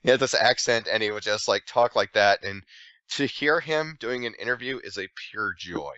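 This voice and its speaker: A man on a casual podcast, joking and riffing with his co-hosts. His voice sits fairly low but swings up and down with a lot of life, and has a bright, forceful edge. The audio is dry and a bit dull. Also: animated, clear, resonant tone, no room sound. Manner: joking, riffing, quick asides and self-corrections. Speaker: podcast co-host. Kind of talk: casual chat.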